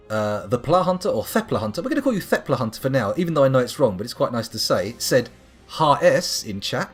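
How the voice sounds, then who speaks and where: A man live-streaming a game, chatting casually and reading viewers' comments aloud as he plays. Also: mid-range voice. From United Kingdom. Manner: chatty, reads chat aloud and muses to himself. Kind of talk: live-streamed gameplay chat.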